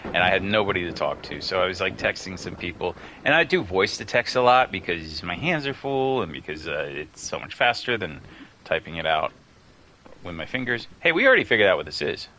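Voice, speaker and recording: A man chatting casually over gameplay, telling a long story in a rambling, excitable way and getting worked up as he goes. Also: low-pitched, fairly quick, slight background noise. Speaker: gaming streamer.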